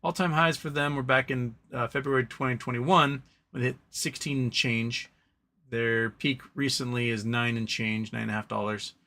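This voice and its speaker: A man's voice: mid-range voice, fairly even intonation, moderate pace, pushed and bright. A man hosting a live stream, chatting casually about stocks and reading viewer questions, with a rambling delivery full of ums and self-corrections.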